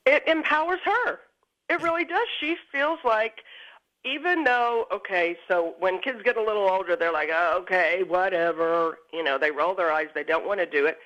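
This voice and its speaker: Joining a morning TV show remotely from Dallas, a woman parenting guest offers emphatic, upbeat advice. Her mid-range voice is a bit bright, with lively intonation and a moderate pace, coming through a lo-fi remote line.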